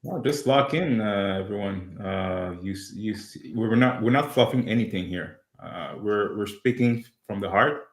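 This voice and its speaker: Man, panelist, low voice, quiet, earnest, roomy distant audio. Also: moderate pace, few pauses. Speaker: trading panelist. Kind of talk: casual livestream panel talk.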